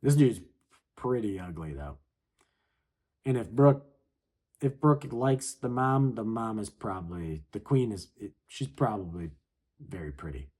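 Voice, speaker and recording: A man's voice: on the low side, expressive, unhurried, long pauses, darkish tone, breathy edge. A man casually chatting his way through a comic chapter, laid-back and full of slangy filler. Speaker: manga reaction host. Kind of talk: casual chapter read-along commentary.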